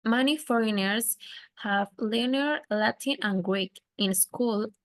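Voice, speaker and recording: A woman, a student, reading a text aloud carefully and haltingly, with small slips. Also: fairly high pitch, no room sound.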